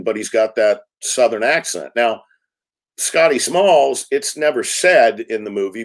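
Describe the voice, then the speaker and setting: A man in his sixties, a film director, telling lively anecdotes in an interview and acting out quotes. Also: lowish voice. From United States. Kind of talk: storytelling interview talk.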